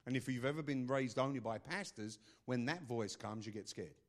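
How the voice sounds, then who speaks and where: An older man preaching a sermon in a forceful way, swinging between loud bursts and low asides. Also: moderate pace.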